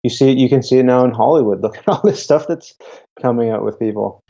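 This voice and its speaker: Gravelly-voiced young man from Canada. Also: medium pitch, dark tone. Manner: halting, with frequent restarts. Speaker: guest, YouTuber. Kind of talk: casual interview talk. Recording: dull lo-fi audio.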